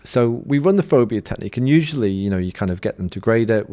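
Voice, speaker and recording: A middle-aged man, a hypnosis coach and podcast guest, telling an animated anecdote in conversational style and acting out the quotes. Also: medium pitch, quick pace. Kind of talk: conversational storytelling.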